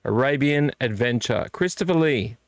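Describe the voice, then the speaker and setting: Chatting with viewers on a late-night live stream from his home collection room, a middle-aged vlog host sounds tired and yawns, rambling and correcting himself at his desk mic. His medium-pitched voice is animated and moves at a normal speed, with no echo.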